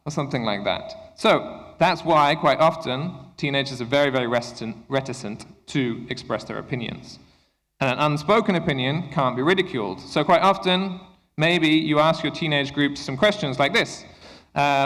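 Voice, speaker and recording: A man's voice: a little high, moderate pace, a bit bright. Man presenting a workshop in an echoey hall. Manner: engaging, often checks in with the room by asking "okay?". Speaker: workshop presenter for English teachers. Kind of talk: conference workshop talk. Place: conference lecture room.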